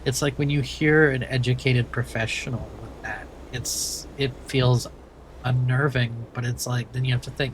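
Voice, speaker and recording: A man's voice: mid-range voice, steady tone, moderate pace, background noise. A man from Maine with a light Maine accent touched by Southern, chatting casually and rambling as a streamer while playing a driving game. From Maine, USA. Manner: rambling and chatty, many restarts.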